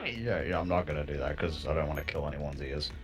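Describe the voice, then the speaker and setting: A man's voice: very deep voice, fairly even intonation, fast, soft background music. A man making dry, joking asides in a casual chat with a streamer.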